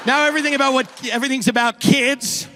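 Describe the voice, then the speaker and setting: A man doing stand-up with a gravelly voice, ranting. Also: very high voice, fairly even intonation, fast, music in the background. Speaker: stand-up comedian. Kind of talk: stand-up routine.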